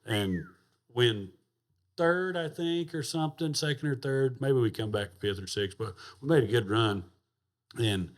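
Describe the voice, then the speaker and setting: A rodeo champion guesting on a podcast tells a rowdy, profane story in casual chat, laughing all the way through. His mid-range voice has lively intonation and moves a little slowly.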